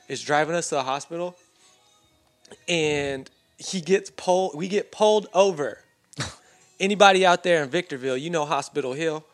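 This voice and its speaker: Casting note: young male co-host, slightly high voice, loose rambling storyteller, swears casually. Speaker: podcast co-host. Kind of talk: casual chat.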